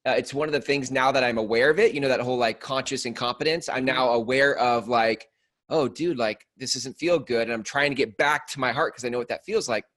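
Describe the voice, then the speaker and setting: A man's voice: mid-range voice, steady tone, quick pace, few pauses, a bit bright. A man co-hosting a podcast, speaking reflectively and casually, with loose fillers and restarts. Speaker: co-host. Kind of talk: podcast conversation.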